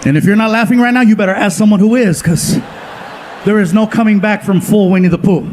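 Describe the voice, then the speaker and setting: A man doing stand-up, telling stories in an animated way and jumping into quick voices for the people in them. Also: sits high, a little hiss or hum. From Southern California. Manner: animated, acts out family and friends in quick voice switches. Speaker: stand-up comedian. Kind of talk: stand-up storytelling. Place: comedy stage before a live audience.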